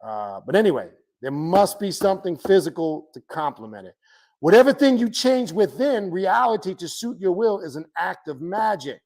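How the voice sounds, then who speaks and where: A man's voice: high-pitched, moderate pace. A man teaching about the occult in a blunt, profane, impassioned lecture to his viewers. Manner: blunt, profane, animated ranting.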